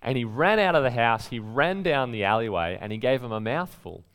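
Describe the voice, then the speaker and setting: A man's voice: medium pitch, brisk, few pauses, clean tone. A man preaching a sermon in a conversational way, telling stories and quoting speakers with emphasis. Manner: conversational preaching with lively storytelling and emphatic quotes. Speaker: pastor.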